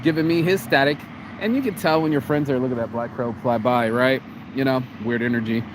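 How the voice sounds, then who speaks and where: A man's voice: medium pitch, fairly quick, noisy background. An American man vlogging outdoors in the cold, talking casually in a rambling, profane way with many restarts and repeated words. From United States. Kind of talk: casual vlog monologue.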